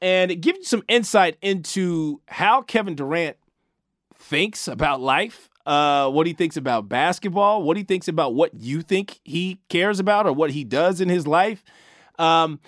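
A man's voice: fairly high pitch, animated, measured pace, a bit bright, no room sound, studio quality. A man hosting a sports talk show, giving emphatic, casual opinions with lots of slang and restarts.

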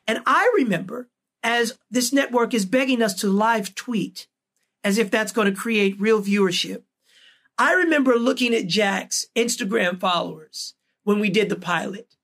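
A podcast host in casual conversation, with a gravelly voice full of vocal fry. He speaks earnestly and stresses his points as he builds them. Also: sits high, normal speed, fairly bright tone.

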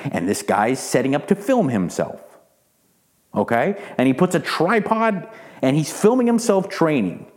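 Male podcast host in his forties, heated profane rant with a lively, swinging delivery. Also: fairly high pitch, measured pace. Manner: heated, profane, repeats words when worked up. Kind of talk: ranting monologue.

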